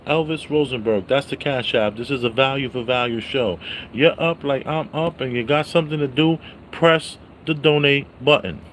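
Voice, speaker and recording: A man reviewing a movie on a casual livestream, greeting viewers by name and loudly repeating his catchphrases. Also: mid-range voice, slight background noise.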